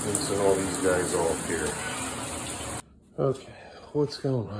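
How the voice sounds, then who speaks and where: A man's voice: sits low, animated, a little slow, pauses often, darkish tone, slight background noise. A man filming a casual home vlog, coaxing his small son along and chatting to the camera at home at night. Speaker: father filming his family.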